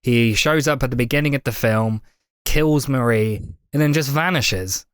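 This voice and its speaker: A man with a mid-range voice recorded close and dry, picking apart a film in a casual podcast chat. His delivery is measured and critical. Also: mid-range voice, clear, resonant tone, no room sound.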